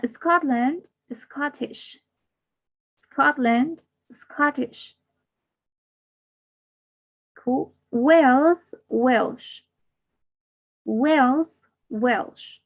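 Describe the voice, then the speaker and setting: A woman teaching an English class online, slowly repeating each word twice in a drilled, deliberate way. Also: fairly high pitch. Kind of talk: slow drilled pronunciation lesson. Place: online class, speaking to a camera. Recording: slightly dull lo-fi audio.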